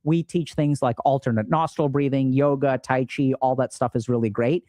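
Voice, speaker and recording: A man in his thirties talks to camera about emotional skills in a casual, upbeat way, slipping into voices to act out remembered conversations. His mid-range voice is steady and dark-toned at a moderate pace, captured with clean studio sound and no echo.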